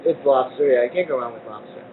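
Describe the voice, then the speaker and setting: A man hosting a live cooking show in a community kitchen, joking and laughing as he talks. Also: fast talker. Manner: playful, jokey, laughs often. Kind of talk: casual live cooking chat. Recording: lo-fi phone-like livestream audio with faint rumble.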